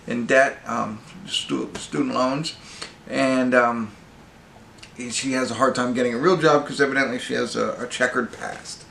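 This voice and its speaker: A man's voice: mid-range voice, vocal fry, fairly bright tone, echoey room, a little hiss or hum. A man giving a casual, rambling movie review, full of fillers and restarts. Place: pub.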